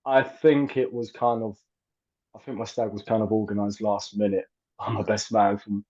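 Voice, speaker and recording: Male guest, 30s, low-pitched, hesitant and filler-heavy; muffled lo-fi recording. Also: level tone, normal speed, a little mellow. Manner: hesitant, many fillers and restarts. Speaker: actor and filmmaker guest. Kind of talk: casual interview chat. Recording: dull lo-fi audio.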